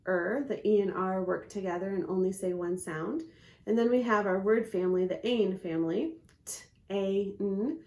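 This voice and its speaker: A woman teaching spelling to parents in an instructional video, patient and methodical, slowly sounding out letters and syllables. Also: mid-range voice, a little mellow.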